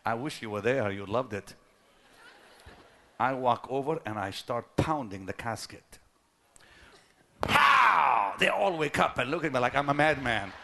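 A middle-aged preacher telling a personal story in a sermon, dropping to a hush and then rising to shouts. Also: male voice, medium pitch, animated, moderate pace. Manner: dramatic, swings from hushed to shouting.

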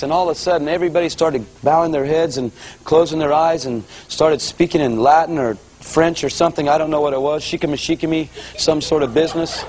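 A man preaching to a church audience, telling his conversion story in a lively storytelling manner and acting out the voices of others. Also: on the high side, slight background noise, rough recording. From Los Angeles area. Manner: animated storyteller, voices quotes, rising excitement. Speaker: guest preacher giving testimony. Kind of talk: sermon testimony storytelling.

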